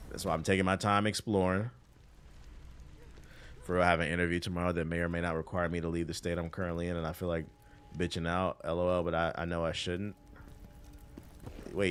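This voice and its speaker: A D.C.-accented livestreamer with a low but fairly bright-toned voice hangs out on his gaming stream. He keeps it loose and profane with slang, fielding chat messages mid-game.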